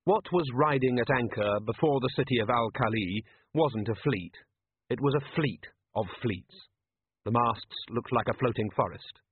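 A man narrating a comic novel in an expressive, wry storytelling manner. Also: medium pitch, moderate pace, husky, dry recording. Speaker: audiobook narrator. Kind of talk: scripted narration. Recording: dry, tinny phone-like sound.

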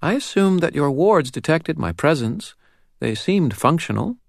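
A man's voice: fairly high pitch, unhurried, creaky, no echo, studio quality, pitched above the performer's own voice, exaggerated voice. A man doing a solemn little British girl. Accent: faint British. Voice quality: steady, assured. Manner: formal, solemn diction. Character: serious girl about seven, calm and ancient power.

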